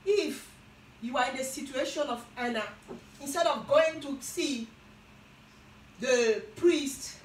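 A woman preaching a Bible teaching sermon, slow and emphatic, often repeating and restarting her phrases. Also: high voice, echoey room, distant mic, slight background noise, low-quality recording.

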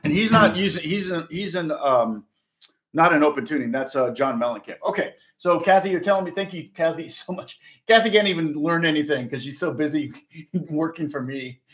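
A man hosting a live guitar lesson, talking with a slightly raised pitch and a loose, chatty flow that keeps stopping to fix itself. He answers viewer questions as he goes, with faint guitar behind him. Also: brisk, fairly bright tone. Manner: rambling and self-correcting, chatty. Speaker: guitar teacher. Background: guitar playing.

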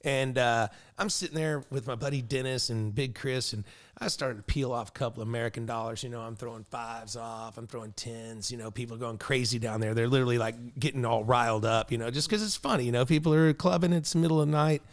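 A man's voice: mid-range voice, steady tone, fast talker. A man hosting a casual podcast chat, swearing freely and rambling through long anecdotes. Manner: crude, rambling storyteller. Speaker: podcast host.

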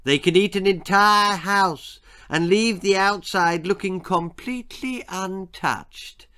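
A man reading aloud, voicing a creepy old male entomologist who speaks slowly and quietly with a threat underneath. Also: sits high, smooth, pitched above the performer's own voice, exaggerated voice. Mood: hushed. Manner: slow, hushed, ominous delivery.

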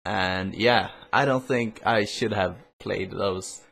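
A young man giving casual, excitable gaming commentary, teasing and swearing at his teammate, recorded on a noisy low-quality webcam mic. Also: takes it slowly, vocal fry. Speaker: let's play host.

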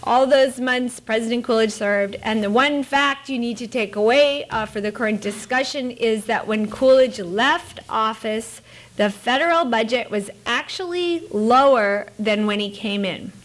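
A middle-aged woman giving a public lecture as an author, with a lively, wry, digressive manner and playful asides. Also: on the high side, measured pace. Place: presidential library auditorium.

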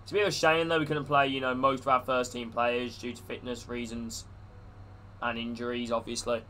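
A man's voice: mid-range voice, little pitch movement, a little fast, bright, forceful tone, a little hiss or hum. A man live-streaming a football video game, calling the play and greeting his chat viewers. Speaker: gaming streamer.

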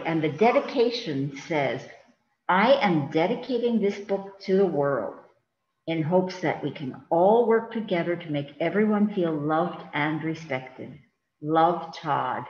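Her low, expressive voice is slow and a little mellow as this woman, a children's librarian, reads picture books to kids. She chats in a sing-song way while handling the book on camera, captured in roomy, dull lo-fi audio with a faint hiss.

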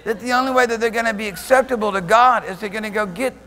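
Brief: male pastor, high voice, animated sermon delivery, long church reverb. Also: fast. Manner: animated preaching, swinging from soft murmurs to loud shouts; laughs often while preaching. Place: church sanctuary.

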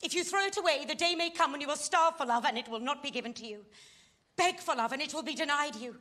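A woman's voice: high voice, animated, quick pace, bright, forceful tone. A woman playing an impassioned fallen society lady. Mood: pleading. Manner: impassioned, pleading. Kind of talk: stage play scene.

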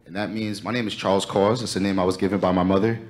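A man's voice: low-pitched, fairly even intonation, fast talker. A man from the Shinnecock Nation greeting a live audience on behalf of his singing group, formal and grateful. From Shinnecock Nation, Long Island, New York. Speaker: lead singer of a drum group. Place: TV studio before a live audience.

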